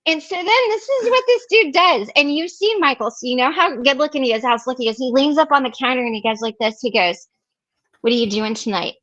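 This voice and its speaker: A woman's voice: high voice, animated, quick pace, hardly any pauses, fairly bright tone, dull audio. Chatty woman telling a story on a call. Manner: chatty, acts out quoted voices, many fillers and restarts. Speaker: recovery meeting host. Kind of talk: casual storytelling.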